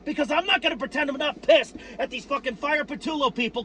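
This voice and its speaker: A man giving profane, worked-up fan commentary on his team, repeating himself and breaking into shouts. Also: extremely high pitch, animated, fairly quick, hardly any pauses, a little hiss or hum. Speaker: sports fan vlogger.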